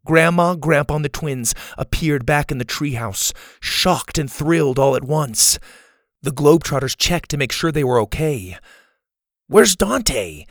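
Man calmly narrating a kids' adventure. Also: a little high, normal speed, no echo, clean studio sound. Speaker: storyteller. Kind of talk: scripted narration of a children's adventure story.

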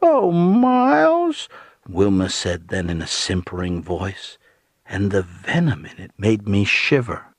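A man's voice: low-pitched, unhurried, breathy edge, no room sound. A man voicing an alien posing as a woman, speaking in a simpering, falsely sweet and venomous way. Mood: mocking.

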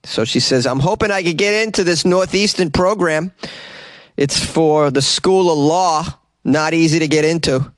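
A brassy Boston voice, as a man puts it on, reads out a news story in a fairly high register with a lot of indignant bounce. The sound is dry and close, the way a small closet sounds. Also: moderate pace, dry recording, natural voice. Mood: mock-indignant. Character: man reading news in a broad Boston accent.

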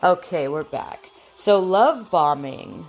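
A woman's voice: lowish voice, expressive, slow pace, faint music behind. A woman hosting a talk show, chatting frankly and casually, acting out the lines she quotes. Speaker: podcast host.

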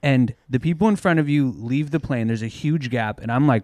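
A man chats on a podcast and tells a crude story. He talks in an animated way and keeps breaking into laughter. His pitch is middling and the sound is close and dry. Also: a little fast, no echo. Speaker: podcast co-guest. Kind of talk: casual storytelling chat.

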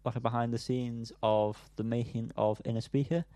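A man's voice: medium pitch, little pitch movement, moderate pace, warm tone, dry recording. A man co-hosting a music podcast, chatting casually with lots of ums and self-amused asides. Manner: rambling, frequent ums, laughs at himself. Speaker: podcast co-host.

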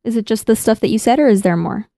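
A woman co-hosting a casual podcast chat, relaxed and agreeable, with many "like"s and "yeah"s. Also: fairly high pitch, quick pace, gravelly, no room sound, studio quality. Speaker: podcast co-host. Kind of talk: casual chat about an anime.

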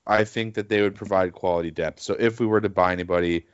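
Rambling low-voiced male co-host. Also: fairly even intonation, fast, smooth, lo-fi sound. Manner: rambling, hesitant with many fillers. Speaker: podcast co-host. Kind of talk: casual sports podcast chat.

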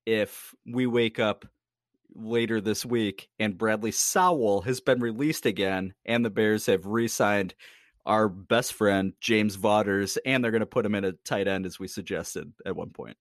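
A man's voice: on the low side, steady tone, measured pace, no room sound, clean studio sound. Blunt teasing man on a podcast. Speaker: podcast co-host. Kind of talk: casual sports chat.

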